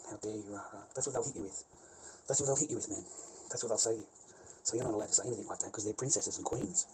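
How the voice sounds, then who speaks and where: Swearing Australian man ranting over hiss. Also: on the low side. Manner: swears constantly, repeats himself, laughs mid-sentence. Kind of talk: rambling profane rant. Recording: noisy background hiss.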